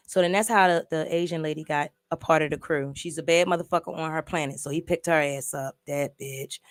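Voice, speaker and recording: A woman's voice: low voice, no room sound, clean studio sound. A woman casually recapping and reviewing a movie, telling the story in an emphatic, profane way with lots of repeats.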